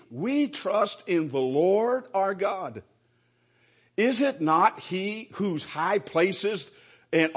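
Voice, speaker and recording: A man preaching a sermon as a pastor, animated and often stumbling over restarts. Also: high-pitched, highs cut off.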